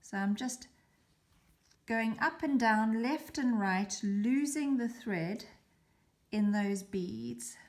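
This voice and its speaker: A woman's voice: fairly high pitch, slow pace. Chatty woman teaching a beading craft. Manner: calm, chatty explaining while working. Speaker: beading tutorial host. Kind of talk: step-by-step craft demonstration.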